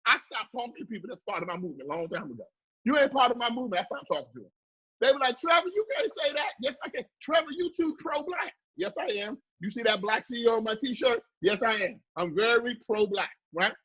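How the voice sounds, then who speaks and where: A high-pitched man delivers a preachy motivational business talk, full of call-and-response asides. His voice is husky, and the recording sounds dull and lo-fi. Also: expressive, fast talker, sharp tone. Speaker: marketing speaker.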